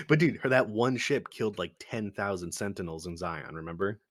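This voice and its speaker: Low-voiced laid-back podcast guy. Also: lively intonation, moderate pace, dry recording, studio quality. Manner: laid-back, swears a lot, laughs often. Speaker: podcast co-host. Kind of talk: casual movie discussion.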